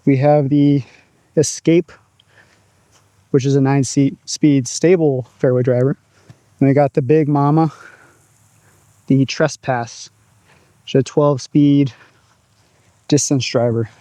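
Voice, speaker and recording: Man, casual outdoor vlogger, chatty and upbeat, warm dry voice. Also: medium pitch, steady tone, slow, long pauses, dry recording. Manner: upbeat, chatty, narrating his own throws. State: out of breath at times. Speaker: disc golf vlogger. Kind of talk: casual outdoor vlog commentary. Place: open field outdoors.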